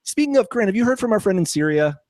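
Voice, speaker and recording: A man's voice: high voice, very fast. A man hosting a chatty live call with a slightly raised voice. He tells stories in a crude, joking way. The sound is close and dry, with no room echo. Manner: crude, joking, animated storyteller. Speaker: podcast host. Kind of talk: casual chat on a live video call.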